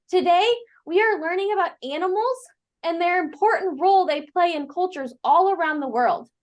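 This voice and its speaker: High-voiced woman reading a host script. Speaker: livestream host. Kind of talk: scripted introduction.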